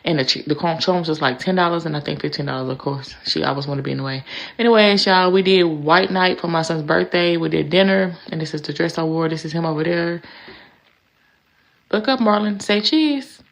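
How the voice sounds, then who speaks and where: A middle-aged woman with a low voice that has a gravelly fry running through it. She narrates her own vlog in a loose, chatty way, drawing out words and circling back with "anyways" every few sentences. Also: fast talker. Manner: chatty, drawling, repeats "y'all" and "anyways". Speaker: vlogger. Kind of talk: casual vlog voice-over.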